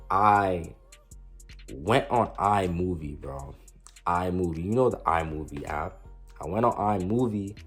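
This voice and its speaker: A young man casually telling a storytime about his past, slangy and self-mocking, with frequent restarts. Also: low voice. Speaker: storyteller vlogger.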